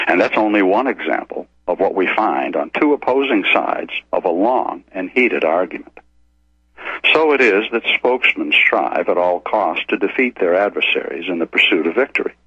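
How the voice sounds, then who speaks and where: A man's voice: low-pitched, sharp tone, breathy edge, dry recording. An older man hosting a radio program, giving an emphatic, lecturing monologue with frequent asides like "okay?", on a dull, muffled radio recording. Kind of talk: opinionated monologue on economics.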